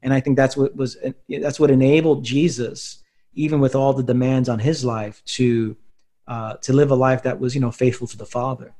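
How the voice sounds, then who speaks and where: Male pastor-author, measured, reflective interview guest. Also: medium pitch, steady tone, mellow. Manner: measured, thoughtful, with fillers.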